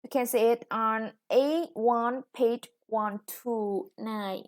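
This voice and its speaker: A woman's voice: fairly high pitch, fairly even intonation, slow. A woman teaching an English vocabulary lesson, patiently explaining words one by one with frequent fillers.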